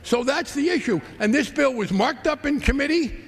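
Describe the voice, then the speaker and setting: A congressman delivers a combative, sarcastic rebuttal during floor debate in a large legislative chamber, and the recording carries the chamber's long reverb. His voice is very high-pitched and animated at a moderate pace.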